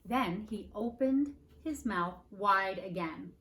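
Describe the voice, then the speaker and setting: A woman, a preschool teacher, reading a children's picture book aloud in a playful, animated way and asking the listeners questions. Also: mid-range voice, takes it slowly. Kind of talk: children's storybook read-aloud. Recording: faint background noise. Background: dog barking now and then.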